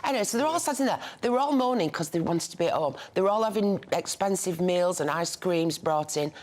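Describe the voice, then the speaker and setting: A woman's voice: fairly low pitch, animated, fairly quick, a little mellow. An older woman with a Northern English accent, chatting as a newspaper review guest and telling anecdotes in a chatty way. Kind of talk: casual studio chat.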